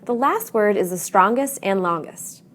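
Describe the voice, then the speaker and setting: Woman teacher reading a pronunciation lesson, bouncy lively pitch, slow careful words. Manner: clear, deliberate teaching delivery with modeled stress patterns. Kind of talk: scripted lesson narration.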